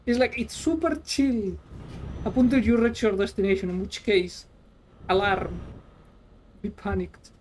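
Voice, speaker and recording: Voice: mid-range voice, moderate pace, a little mellow, slight background noise. A streamer chatting casually while playing a trucking game, rambling and sarcastic, swearing freely. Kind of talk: casual gameplay chat.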